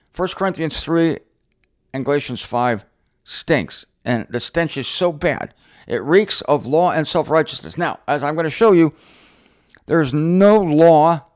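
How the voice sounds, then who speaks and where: A middle-aged man teaching the Bible in an unscripted monologue, sarcastic and animated as he answers objectors directly. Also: fairly high pitch. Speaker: Bible teacher and show host.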